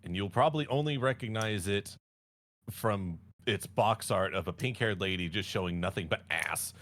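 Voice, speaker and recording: Man, low voice, rambling, jokey, casual livestream chat, self-correcting. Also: normal speed, fairly bright tone. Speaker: podcast co-host.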